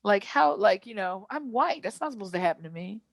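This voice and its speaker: A woman's voice: mid-range voice, animated, brisk, creaky, no room sound. A woman co-hosting a casual podcast, telling stories with animation and acting out the people she quotes. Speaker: podcast co-host.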